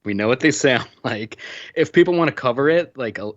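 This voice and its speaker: A man hosting a casual podcast chat, sardonic, reading out items in a flat way. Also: medium pitch, brisk, no echo. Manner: sardonic, reads list items flatly. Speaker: podcast host. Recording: dull lo-fi dry sound.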